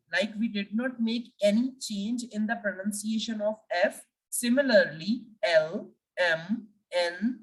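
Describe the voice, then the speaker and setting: A woman teaching the French alphabet, speaking deliberately and repeating each letter for learners. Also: mid-range voice, distant mic, low-quality recording. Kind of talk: language lesson.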